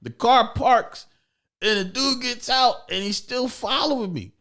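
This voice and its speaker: Speaking unhurriedly in an extremely high pitch, a comedian tells stories in casual podcast chat. He's animated, does voices for the characters, and swears plenty as a guest.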